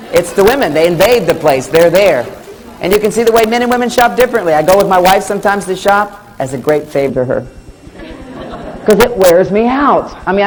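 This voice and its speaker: Animated man giving a comic lecture. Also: high-pitched, poor audio. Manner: jokey, animated storytelling with acted-out dialogue. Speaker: relationship lecturer. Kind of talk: comic lecture to a live audience. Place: lecture hall with audience. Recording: old VHS tape with faint background noise.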